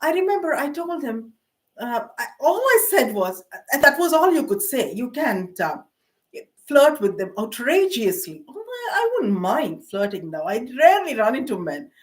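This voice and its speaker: Her high, sing-song voice moves at normal speed as the middle-aged Canadian vlogger rambles through personal anecdotes. She mocks herself often, drifting into asides, filler words, and frequent laughs.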